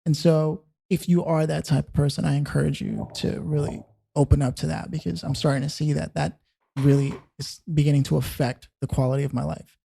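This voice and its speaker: A man's voice: on the high side, flat delivery, brisk, gravelly, warm tone, slightly rough. A man talking in a laid-back way as a podcast co-host, swearing casually.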